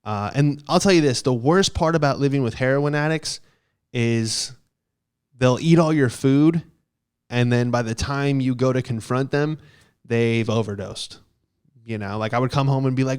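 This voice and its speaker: A man's voice: medium pitch, normal speed, a little mellow, smooth. A young man hosting a podcast, telling a story in a casual, comic, rambling way, with swearing and lots of fillers. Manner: rambling, profane, heavy on fillers. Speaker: podcast host.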